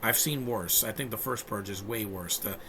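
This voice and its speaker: Man, casual film review, rambling, restarts, blunt opinions, bright forceful voice. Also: lowish voice, normal speed, vocal fry, slight background noise. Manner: rambling, frequent restarts and fillers.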